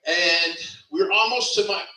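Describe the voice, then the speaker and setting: A man's voice: high voice, normal speed, bright, forceful tone. A middle-aged man giving a rambling funeral eulogy, laughing through his stories and correcting himself as he goes. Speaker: eulogy speaker. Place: funeral service venue. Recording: echoey room, distant mic.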